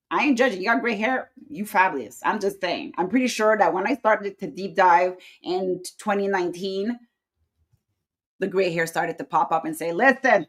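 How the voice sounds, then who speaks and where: A middle-aged woman whose first language is French, hosting a casual livestream chat in a sassy, chatty way, calling her viewers y'all and honey. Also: medium pitch. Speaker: host.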